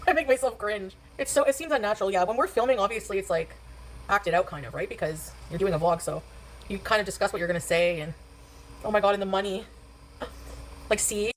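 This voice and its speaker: A woman rambles through an outdoor livestream from her scooter, complaining about feeling sick and often restarting her sentences. She talks at a rapid clip. Traffic and city noise run loudly behind her. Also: medium pitch. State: nauseous. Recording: clip with loud street noise.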